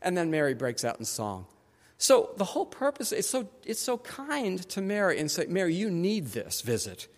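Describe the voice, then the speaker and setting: Lively high-voiced preacher in a reverberant hall. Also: male voice, normal speed. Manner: animated, voices quoted people. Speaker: pastor. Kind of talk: sermon. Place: church sanctuary. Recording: long church hall reverb.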